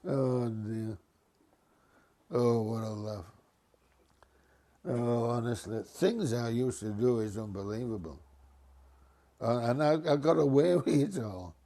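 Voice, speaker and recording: A man's voice: medium pitch, takes it slowly, pauses often, warm tone. An older man, a retired bus driver recalling anecdotes and chuckling as he tells them. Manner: chuckling, jumps into voices for quoted people. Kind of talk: reminiscing anecdote.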